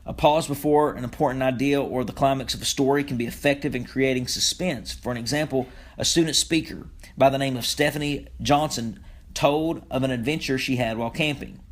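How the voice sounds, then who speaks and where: Man, instructor, podcast lecture, plain explanatory tone, middle pitch, occasional fillers. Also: steady tone, a little fast. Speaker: speech communication instructor.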